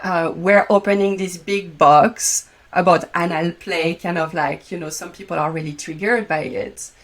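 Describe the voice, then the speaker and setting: A woman with a French accent, speaking as an intimacy coach guest in a relaxed interview with lots of fillers. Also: fairly low pitch, normal speed. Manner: frequent fillers, loose phrasing. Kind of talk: casual conversational interview.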